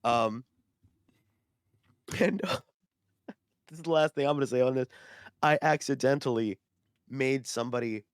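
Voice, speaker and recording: A man co-hosting a podcast, telling stories in a rambling, animated way with lots of fillers. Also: medium pitch, a little slow, long pauses, dry recording, studio quality. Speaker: podcast co-host. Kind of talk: casual chat.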